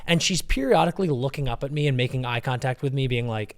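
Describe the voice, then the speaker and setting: A young man co-hosting a podcast, telling a story in an animated, casual way and swearing freely. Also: mid-range voice, fast. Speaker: podcast co-host. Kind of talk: casual chat.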